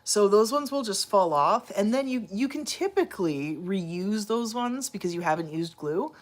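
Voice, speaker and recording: A woman's voice: mid-range voice, animated, normal speed. A woman vlogging casually at home, chatting with viewers and talking to her cats. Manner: chatty, talks to her cats, many fillers. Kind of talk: casual chat to camera and viewers.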